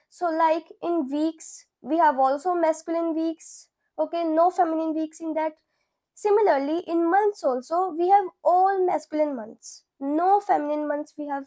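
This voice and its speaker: A woman's voice: extremely high pitch, darkish tone. A young woman teaching a beginner French lesson, patient and repeating each word several times.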